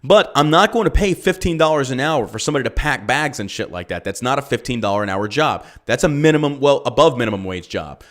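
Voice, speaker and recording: A man's voice: medium pitch, animated, quick pace, hardly any pauses, fairly bright tone. A male podcast host and business owner ranting about politics, swearing freely and firing off rhetorical questions. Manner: profane, heated, rhetorical questions. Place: lives in Texas.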